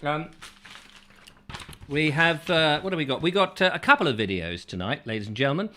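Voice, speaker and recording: A man's voice: on the high side, animated, a little fast, bright, forceful tone, slight background noise. A man hosting a chatty live show, reading out viewer comments with playful, rambling asides. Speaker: host.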